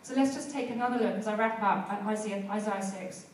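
Speaking briskly in a mid-range voice, a woman preacher gives a sermon and prayer in a church hall. She tells stories in a conversational way and builds to fervent exhortation. Heard from a distance, the very echoey recording has a little hiss or hum.

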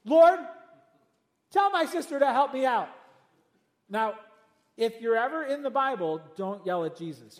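A man preaching a sermon to a congregation, animated, with rhetorical questions and humorous asides. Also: high-pitched. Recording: long hall reverb.

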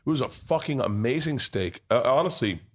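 A man's voice: mid-range voice, expressive, fairly quick. A man hosting a podcast in a pub, telling a rowdy story full of swearing in casual chat. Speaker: podcast host.

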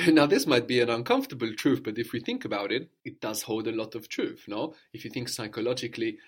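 A man's voice: mid-range voice, lively intonation, brisk, slightly rough. A man teaching a spoken language lesson, explaining patiently and often checking in with a questioning "no?".

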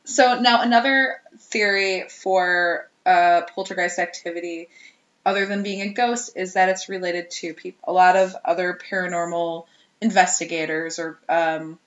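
A woman's voice: on the low side, steady tone, normal speed, a bit bright. A woman co-hosting a podcast in casual chat, jokey and laughing often. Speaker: podcast co-host. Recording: roomy, dull lo-fi sound.

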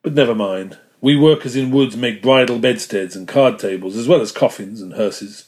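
A man's voice: medium pitch, moderate pace, a little mellow, close to an everyday voice. A man voicing a grumbling old ship's carpenter. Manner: muttering monologue, tetchy and rambling.

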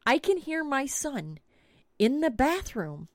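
Animated, slow-talking woman storyteller. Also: high-pitched, no echo, clean studio sound. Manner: animated, swears freely, dramatic retelling. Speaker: podcast host. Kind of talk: comic storytelling.

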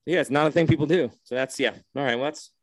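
A man's voice: a little high, quick pace, slight background noise. A man co-hosting a podcast in casual chat, laid-back and joking. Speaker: podcast co-host.

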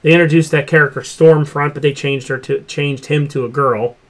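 A man's voice: a little high, fairly even intonation, brisk, a bit bright. A man hosting a casual pop culture chat show, talking loosely and swearing freely. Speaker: podcast host.

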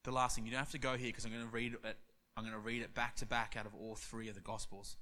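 A male pastor preaching a sermon, telling Bible stories in an animated way and acting out their dialogue. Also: on the low side, fast.

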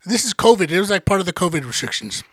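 High raspy podcast dude telling a wild story, swears a ton, really animated, dry close mic. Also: male voice, quick pace, no echo. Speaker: podcast host. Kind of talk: casual storytelling chat.

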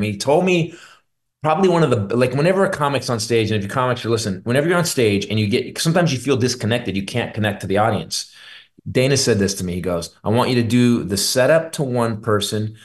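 Candid rambling comedian, low-voiced man. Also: animated, quick pace. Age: middle-aged. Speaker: stand-up comedian. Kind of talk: radio interview guest.

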